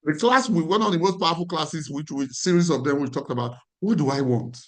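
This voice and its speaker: A man's voice: a little high, a little fast, fairly bright tone. A man with a Nigerian accent, a life coach teaching a class in an emphatic way and repeating his key phrases.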